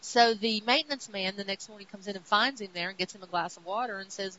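A woman co-hosting a podcast, casually recapping comic stories with lively retellings of what the characters say. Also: mid-range voice, quick pace, few pauses. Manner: animated retelling, quoting characters in her own voice. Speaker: podcast co-host. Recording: dull lo-fi audio with faint hiss.

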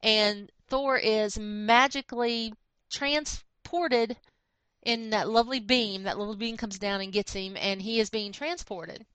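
A woman co-hosting a podcast, retelling a comic book story in animated storytelling. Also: mid-range voice, measured pace, clear, resonant tone, no room sound, low-quality recording. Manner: animated storytelling, acting out characters. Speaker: podcast co-host. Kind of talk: casual comic book recap.

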